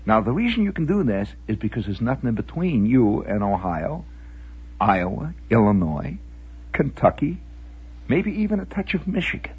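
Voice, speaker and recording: A man's voice: medium pitch, sing-song, normal speed, a little mellow, breathy edge, muffled recording. A man from the Midwest telling a rambling, folksy radio monologue with mock-grand asides. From American Midwest, Indiana.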